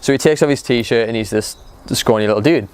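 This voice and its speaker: A young man casually retelling a story, talking in a loose, animated way with lots of "like" and "um". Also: mid-range voice, fairly quick, smooth, no echo. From United Kingdom. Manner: animated retelling, filler-heavy with frequent "like" and "um". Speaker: motivational show co-founder.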